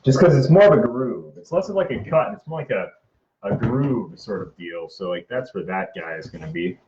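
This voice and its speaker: A man hosting a prop-making livestream, chatting casually in a low-key, self-described monotone as he works. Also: a little fast, a little hiss or hum. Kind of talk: casual livestream chat while crafting. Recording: roomy, dull lo-fi sound.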